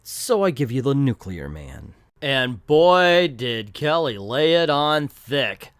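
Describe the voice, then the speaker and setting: A man hosting a channel, giving a sarcastic, animated commentary review of a comic book. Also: mid-range voice, takes it slowly, clear, resonant tone, no echo, clean studio sound.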